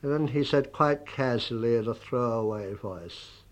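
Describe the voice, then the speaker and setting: Man sharing memories of a friend, measured and dryly anecdotal. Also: medium pitch. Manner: measured, wry anecdotal telling. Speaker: friend recalling a colleague. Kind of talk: spoken reminiscence.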